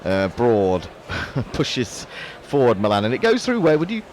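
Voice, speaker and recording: A man's voice: mid-range voice, wildly swooping pitch, measured pace, slight background noise. A man giving live ball-by-ball cricket commentary, wry and self-mocking between calls.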